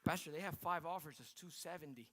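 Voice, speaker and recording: A man voicing a calm, businesslike male real estate agent who speaks in a hushed, matter-of-fact way. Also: high-pitched, moderate pace, a little hiss or hum, natural voice.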